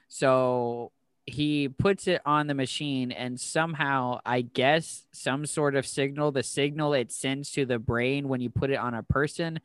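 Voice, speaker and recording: A man co-hosting a podcast in casual chat, animated and giggly, quick to laugh and exclaim, over a computer mic on a video call. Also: medium pitch, clean tone, no room sound. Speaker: podcast co-host. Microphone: home computer mic on a video call.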